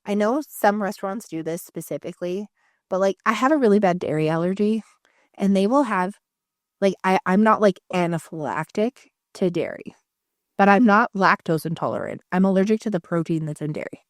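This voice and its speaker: A woman co-hosting a casual podcast chat, telling animated stories with lots of swearing and acted-out quotes. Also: mid-range voice, fairly quick, dry recording, studio quality. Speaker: podcast co-host.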